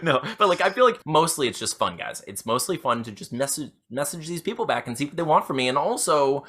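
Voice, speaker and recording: A man co-hosts a comedy podcast, chatting casually in a rambling, giggly way with many restarts. His voice is fairly high, very animated, fairly quick and a bit bright.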